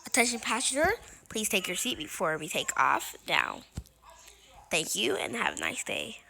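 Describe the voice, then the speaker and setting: A woman voicing a calm, formal airline pilot making cabin announcements in a polite, stiff tone. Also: medium pitch, normal speed, gravelly, a little hiss or hum, pitched below the performer's own voice, exaggerated voice.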